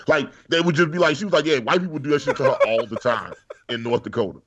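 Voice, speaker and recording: A man's voice: medium pitch, quick pace, fairly bright tone, breathy edge, dull audio. A man co-hosting a podcast in casual chat, telling rambling stories and laughing at his own jokes. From United States. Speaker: podcast co-host.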